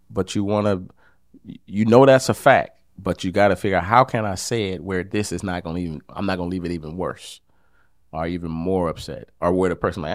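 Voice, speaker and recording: Very deep-voiced relaxed man. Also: brisk, no echo, studio quality. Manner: relaxed, conversational, many fillers and restarts. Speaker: podcast co-host. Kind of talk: casual relationship talk.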